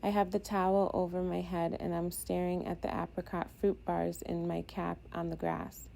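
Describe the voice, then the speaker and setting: A woman reading a first-person audiobook in a steady, introspective way. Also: fairly low pitch, normal speed, vocal fry, slight background noise. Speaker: audiobook narrator.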